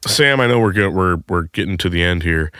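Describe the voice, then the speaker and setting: A man hosting a casual podcast, his pitch swinging widely as he jokes. The recording is dry and close, and he talks bluntly and swears freely. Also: animated, brisk, sharp tone, smooth, no room sound. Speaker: podcast host. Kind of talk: casual sports chat.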